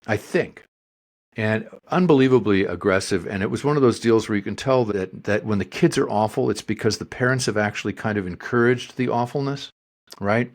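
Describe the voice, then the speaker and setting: A man co-hosting a podcast, telling an anecdote in animated casual chat. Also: fairly low pitch, a little fast. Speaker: podcast co-host.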